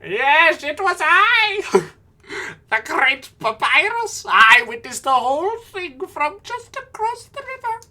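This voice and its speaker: Woman putting on a shrill grandiose cartoon skeleton guy, loud. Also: sing-song, takes it slowly, exaggerated voice. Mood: boastful. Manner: shouted, grandiose. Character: boastful male skeleton, loud and goofy.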